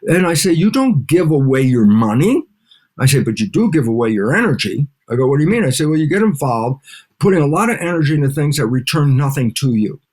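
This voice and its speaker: Animated older man, fairly high voice. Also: quick pace. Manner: animated, acts out back-and-forth dialogues. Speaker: guest scientist and lecturer. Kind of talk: interview conversation.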